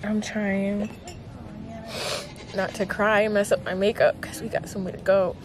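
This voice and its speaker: A woman's voice: mid-range voice, level tone, moderate pace. A young woman vlogger talking to her partner in a heartfelt, gushing way, with noise around her. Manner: heartfelt, gushing, many likes. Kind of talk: emotional casual vlog talk.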